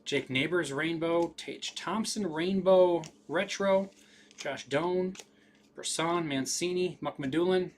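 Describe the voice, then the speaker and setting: A man's voice: on the high side, slow, slight background noise. Man calling out cards in casual patter. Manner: rattles off names in a casual running patter. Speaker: card break host. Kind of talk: live card break commentary.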